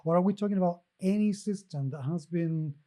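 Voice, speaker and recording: A man with a softened Spanish accent, hosting a podcast in a playful, joking manner. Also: sits high, brisk. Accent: Spanish, softened by years in England. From Spain. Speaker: podcast host. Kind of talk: podcast chat.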